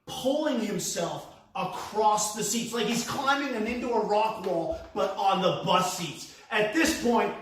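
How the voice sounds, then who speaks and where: New york guy doing stand-up, high voice jumping all over, sounds far from the mic in a big echoey room. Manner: animated, acts out quotes with big pitch swings. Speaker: comedian. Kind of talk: stand-up storytelling. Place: live stand-up venue.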